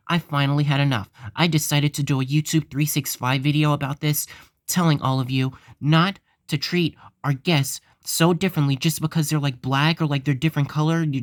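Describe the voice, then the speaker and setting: A man's voice: on the high side, no echo, clean studio sound. A man hosting his own channel, talking in an earnest vlog style that is repetitive and full of stumbling restarts. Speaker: host of a fan-made theme park channel.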